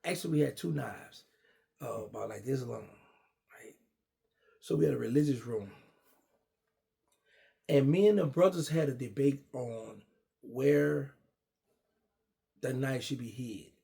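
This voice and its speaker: A middle-aged man casually telling a long personal story, animated and acting out what others said. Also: medium pitch, a little slow, vocal fry, long pauses. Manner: animated, acts out quoted dialogue. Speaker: guest storyteller.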